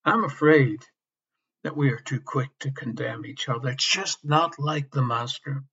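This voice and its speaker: A man preaching a sermon with passion. He swings between loud emphasis and soft near-whispers and repeats key phrases. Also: medium pitch, a little slow, husky. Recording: slightly dull lo-fi sermon recording.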